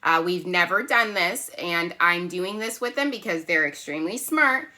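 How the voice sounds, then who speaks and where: A woman teaching a phonics lesson to young children, patient and slow, checking in often with "right?" and "okay?". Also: fairly low pitch, lively intonation, sharp tone. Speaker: kindergarten teacher.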